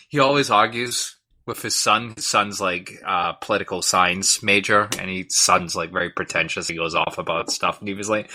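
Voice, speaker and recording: A young man with a very bright, ringing voice rambles through a story on a casual comedy podcast. His pitch swings widely as he laughs and swears his way along. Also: lively intonation, moderate pace. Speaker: podcast co-host.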